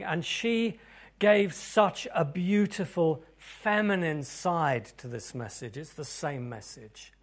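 A pastor preaches and prays over his congregation in a slow male voice pitched a little above the usual range. He falls into hushed, breathy whispers, then climbs to loud, fervent proclamations.

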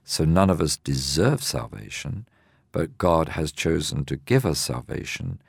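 A man, older, explaining a Bible parable in a measured, teaching way on a discussion program. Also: extremely low pitch, expressive, gravelly, breathy edge, no room sound, clean studio sound. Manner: measured, explanatory, reads scripture aloud.

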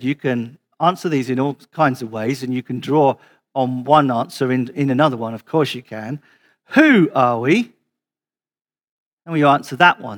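A man preaching to his church over a video call, repeating and restarting words and slowing down to stress key questions. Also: mid-range voice. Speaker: pastor.

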